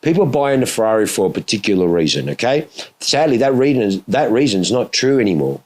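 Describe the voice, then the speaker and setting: A middle-aged man hosting a podcast, telling stories in a casual, heavily profane and animated way. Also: mid-range voice, fast. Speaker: podcast host. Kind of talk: casual chat.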